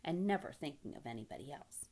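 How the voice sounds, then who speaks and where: A woman voicing a wise, bossy female spider who runs a barnyard meeting, in a crisp, precise, slightly tart manner. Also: deep voice, big pitch swings, fast, warm tone. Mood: brisk. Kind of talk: storybook reading.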